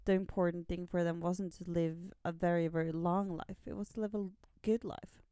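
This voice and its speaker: A woman co-hosting a podcast, chatting casually about comics and often chiming in with quick agreement. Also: lowish voice, little pitch movement, warm tone, clean tone, no room sound, clean studio sound. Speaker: podcast co-host.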